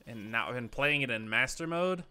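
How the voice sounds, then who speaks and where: A young man casually commenting while he plays a video game, chatting to viewers and reacting aloud with easy excitement. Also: medium pitch, a little fast, clean tone. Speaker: streamer. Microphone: headphones and desk mic.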